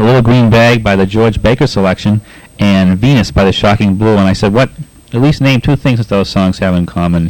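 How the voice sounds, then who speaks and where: A man's voice: lowish voice, no room sound, poor audio. A man with a Boston accent hosting a pirate radio show, casually reading listener letters with lots of laughs and uhs. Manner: laughs often, halting with many uhs.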